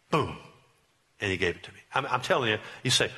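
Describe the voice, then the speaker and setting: Bright-voiced emphatic preacher. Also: male voice, medium pitch, sing-song, brisk. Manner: emphatic, repetitive preaching with rising bursts. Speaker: pastor. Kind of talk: sermon.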